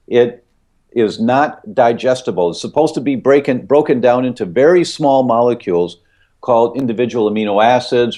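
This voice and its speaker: A man's voice: medium pitch, mellow. A middle-aged man, a guest expert on a podcast, explains points emphatically, repeating key ideas and using vivid analogies.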